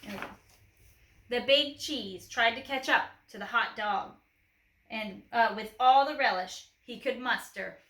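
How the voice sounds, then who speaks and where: A woman reading a children's picture book aloud, lively with playful asides. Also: on the high side, a little slow, a little hiss or hum. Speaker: storyteller. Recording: echoey room.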